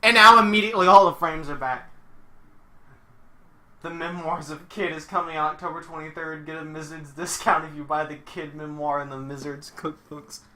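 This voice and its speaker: Streaming live, this young guy calls a wrestling video game with lots of profanity and excitement, yelling one second and mumbling the next. He talks at a normal pace in a slightly high voice.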